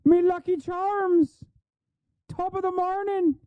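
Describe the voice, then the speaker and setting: A man putting on a mocking, exaggerated folksy Midwestern woman with a high, shrill caricature voice. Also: flat delivery, slow pace, dry recording. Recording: phone-like thin audio, dry.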